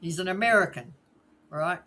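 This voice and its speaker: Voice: medium pitch, normal speed, sharp tone, a little hiss or hum, rough recording. A podcast co-host with a New Zealand accent, teasing and telling stories in casual chat. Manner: teasing, storytelling.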